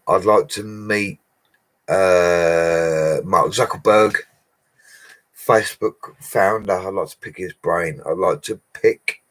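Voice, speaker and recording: A man's voice: low voice, fairly bright tone. A man, a bricklayer casually answering live chat questions in a matey, chatty way and laughing often. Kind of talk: casual livestream Q&A.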